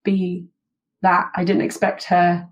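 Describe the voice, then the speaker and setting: A woman co-hosting a casual music podcast, reflecting on lyrics as she thinks aloud. Her voice is somewhat low for a woman. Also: monotone, slow pace. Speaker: podcast co-host. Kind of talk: casual chat about song lyrics.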